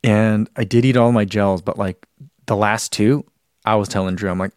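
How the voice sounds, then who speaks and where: A man's voice: fairly low pitch, fairly even intonation, moderate pace, darkish tone, smooth, no echo, studio quality. A man hosting a running live stream, chatting casually, reading out viewer comments and rambling with self-deprecating laughs.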